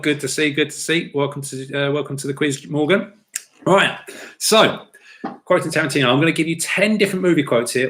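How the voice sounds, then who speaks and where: A man's voice: on the high side, a bit bright. A man hosting a live-streamed pub quiz, chatty and upbeat, talking straight to his viewers and reading the quotes out plainly. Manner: reads quotes out plainly without doing voices.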